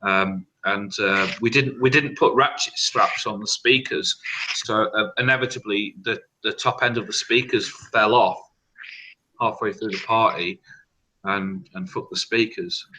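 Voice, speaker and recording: A man, telling rambling, halting party stories with a lot of swearing in an open online hangout. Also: fairly low pitch, fairly even intonation, bright, forceful tone, poor audio. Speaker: hangout participant. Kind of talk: casual storytelling.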